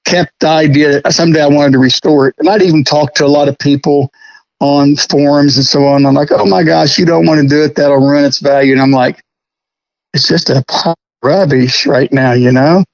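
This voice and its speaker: A middle-aged man telling stories about restoring a prop in a casual interview, folksy and quick to laugh. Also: fairly high pitch, dry recording, dull audio. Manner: chatty, folksy, laughs often.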